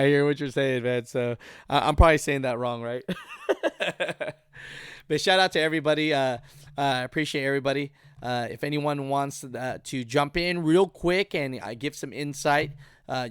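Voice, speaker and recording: A man's voice: mid-range voice, clear, resonant tone, dry recording, studio quality. Laid-back male trucking show host. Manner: loose, rambling, laughs often. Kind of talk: casual live-stream talk.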